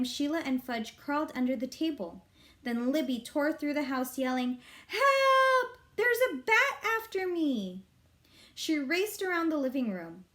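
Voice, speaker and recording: A woman reading a children's novel aloud, with expressive, lively narration. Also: fairly high pitch. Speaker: reader.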